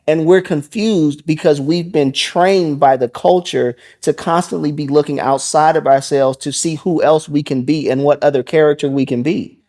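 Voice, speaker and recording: A man's voice: a little high, normal speed, hardly any pauses, a little mellow. A man co-hosting a podcast in casual chat, reflective and giving brief affirmations. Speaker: podcast co-host.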